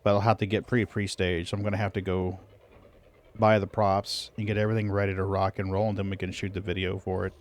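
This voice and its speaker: A laid-back male streamer with a low voice chats casually while he plays. He chuckles now and then and mutters to himself as he works. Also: level tone, fast. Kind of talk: casual chat while gaming.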